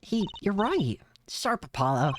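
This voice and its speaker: A man's voice: high voice, very animated, unhurried, background noise, pitched above the performer's own voice. A man doing a chirpy teenage girl magician. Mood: playful. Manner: teasing, chirpy and playful. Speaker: streamer voicing game dialogue. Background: game music.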